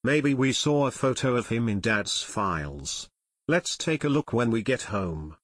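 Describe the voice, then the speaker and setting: A calm, practical teenage detective in an audiobook, as a male narrator reads him, thinking things through in a level way. The reading is animated in pitch, and the sound is close and dry with no room echo. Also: a little slow.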